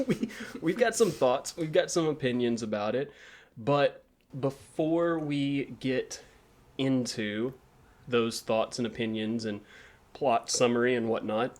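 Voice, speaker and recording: A man's voice: medium pitch, slow. A man hosting a podcast in casual, joking chat. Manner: relaxed, joking, laughs often. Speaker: podcast host.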